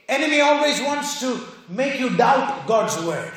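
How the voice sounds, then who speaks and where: A man preaching a sermon in a very high, lively voice that swoops up and down as he drives home each point. He hammers rhetorical questions and repeats them for weight. The sound rings around a strongly echoing church hall. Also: measured pace. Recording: very echoey hall.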